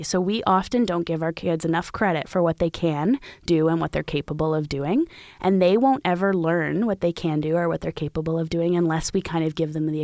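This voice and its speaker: A woman's voice: lowish voice, creaky, no room sound, studio quality. A woman co-hosting a parenting podcast, explaining ideas in a chatty way with many "you know"s. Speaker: podcast co-host. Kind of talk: casual podcast conversation.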